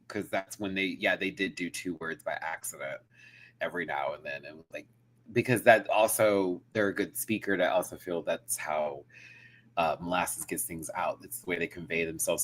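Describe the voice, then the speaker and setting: A man hosting a live review of a show in casual, animated, giggly chat. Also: deep voice.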